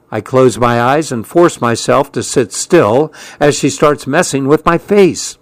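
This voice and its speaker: Male narrator for a first-person novel: measured, slow delivery, dry booth sound. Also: medium pitch, no echo. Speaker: audiobook narrator.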